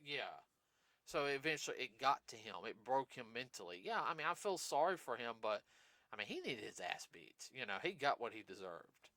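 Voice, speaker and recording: A man's voice: medium pitch, big pitch swings, normal speed, bright, forceful tone, no echo. A man hosting a casual podcast, rambling through his points with plenty of fillers and restarts. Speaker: podcast host.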